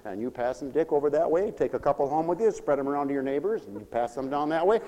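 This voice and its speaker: A man preaching a fervent sermon in a high voice, dropping to quiet asides and then rising to long, shouted proclamations. His voice rings out with a long reverb in a large church sanctuary. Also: lively intonation, fast talker.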